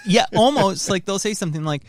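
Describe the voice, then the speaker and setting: Playful higher-voiced joking man. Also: expressive, quick pace, dry recording. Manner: jokey, playful, laughs often. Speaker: podcast co-host. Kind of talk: casual chat.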